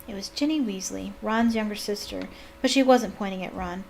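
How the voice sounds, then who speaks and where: A woman's voice: medium pitch, fairly quick, creaky, darkish tone, slight background noise. Gushing young woman reading aloud. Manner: gushing, exclamatory asides. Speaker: book reader and fan. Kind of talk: casual reading aloud with commentary.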